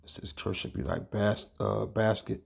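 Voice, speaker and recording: Gravelly and slightly rough, this man's voice is on the low side and steady in tone. He's an online preacher teaching informally, scattering "man," "all right" and other fillers through his speech, and he reads scripture and news aloud after pausing to find them.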